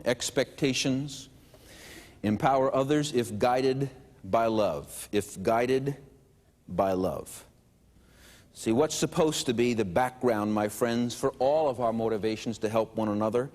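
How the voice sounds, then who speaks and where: A man giving a teaching lecture, emphatic and slowing down to stress his key points. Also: medium pitch, darkish tone. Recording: long hall reverb.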